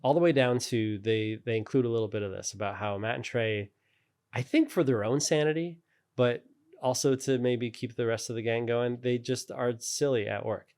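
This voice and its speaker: A man's voice: mid-range voice, moderate pace, a little mellow, smooth. A man telling stories in a casual interview, rambling and laughing often. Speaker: character animator guest.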